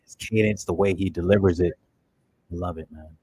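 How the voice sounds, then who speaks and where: A man's voice: low-pitched, steady tone, fairly quick, mellow, slight background noise, poor audio. A man hosting a casual movie reaction, chatting with enthusiasm and talking straight to his viewers. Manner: enthusiastic, loose and chatty, talks to viewers directly.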